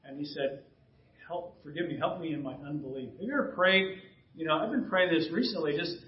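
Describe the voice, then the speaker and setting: Male pastor, high voice, conversational sermon with throat clearing, dull echoey church sound. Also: fairly quick. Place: church sanctuary. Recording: distant roomy church recording, dull sound.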